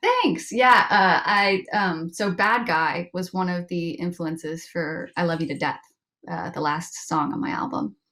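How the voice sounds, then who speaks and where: A woman's voice: lowish voice, measured pace. A young woman from the United States, a singer-songwriter guest, chatting casually on a video call and laughing often. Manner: giggly, relaxed, laughs often. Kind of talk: casual interview chat.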